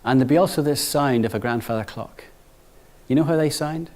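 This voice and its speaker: A middle-aged man giving a business talk to new graduates, conversational, often checking in with "right?" and dropping quiet for anecdotes. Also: mid-range voice, a little fast. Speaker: bank executive speaking to graduates.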